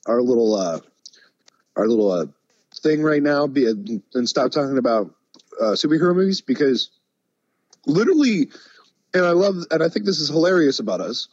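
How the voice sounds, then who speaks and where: A man co-hosting a casual chat show, laughing often and reacting with lively energy. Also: a little high, normal speed, long pauses, dry recording, muffled recording. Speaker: podcast co-host.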